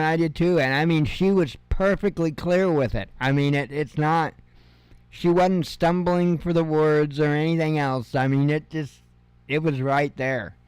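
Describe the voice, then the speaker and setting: A man's voice: fairly high pitch, smooth, no echo. A man in his fifties hosting an independent news show, reading headlines aloud and adding sarcastic asides and chuckles. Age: 50s. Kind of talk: casual headline reading with commentary.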